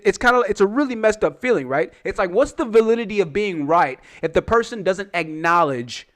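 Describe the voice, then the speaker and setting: A man giving casual reaction-video commentary, rambling and repeating himself in a candid, confessional way. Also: high-pitched. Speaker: YouTube commentator.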